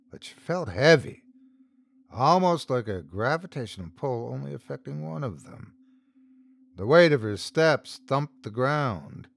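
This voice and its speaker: A male host reading scripted horror stories in an unhurried, measured way. His pitch swings widely to heighten each line. The close, dry studio mic sound leaves no room around him. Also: no echo. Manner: measured, dramatic storytelling. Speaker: host and narrator.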